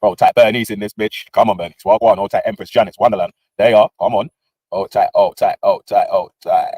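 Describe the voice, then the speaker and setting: A man's voice: lowish voice, fairly even intonation, a little fast, mellow, no room sound. A British man hosting a livestream, ranting in casual street slang with lots of banter. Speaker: livestream host.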